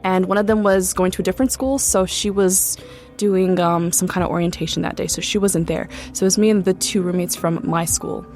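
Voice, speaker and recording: A woman's voice: on the low side, steady tone, a little fast, a little mellow, soft background music. A young woman casually recounting a true ghost story in a chatty way, full of "like" and "um" fillers. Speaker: guest storyteller.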